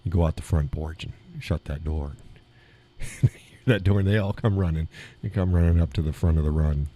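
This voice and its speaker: A man with a deep, mellow, slightly husky voice chats casually on his live stream. He rambles from one thought to the next and breaks into chuckles often, recorded in a small home studio. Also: brisk. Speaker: live show host.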